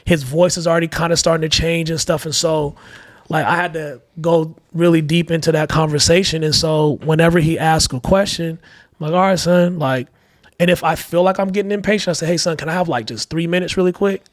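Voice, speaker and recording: A dad talks as a podcast guest a little fast, his fairly high voice keeping a fairly even intonation. He shares candid, heartfelt stories about fatherhood in casual conversation, using plenty of "like" and acting out quoted voices. The clean studio sound has no room reverberation.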